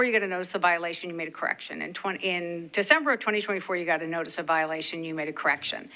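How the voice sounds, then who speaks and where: A woman's voice: mid-range voice, bright, forceful tone. A woman chairing a public hearing, pointed and a little exasperated as she questions. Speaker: board chair. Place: public meeting room.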